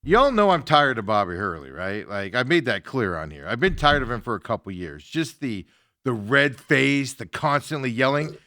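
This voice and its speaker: An animated male talk show host rants about sports with a lively, swooping voice and a bright, forceful tone. He laughs easily and slips into mocking impressions. The sound is dry and close. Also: mid-range voice, normal speed, dry recording. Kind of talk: casual sports talk rant.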